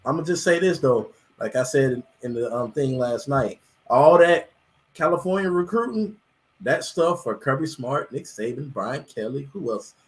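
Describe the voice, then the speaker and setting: A man's voice: medium pitch, lively intonation, moderate pace, rough recording. Chatty man giving emphatic sports takes. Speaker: sports show panelist. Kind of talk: casual sports debate.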